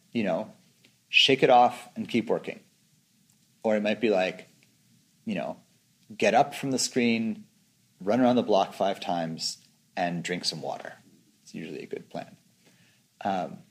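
A man teaching meditation in a relaxed, conversational way, with a low voice and a gravelly edge. He reflects aloud and slips into quoting his own inner voice. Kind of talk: informal meditation talk.

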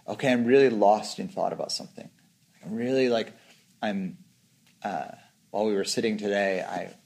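A man's voice: lowish voice, vocal fry, a little mellow. A man giving an informal meditation talk as a teacher, speaking reflectively and often acting out his own inner voice.

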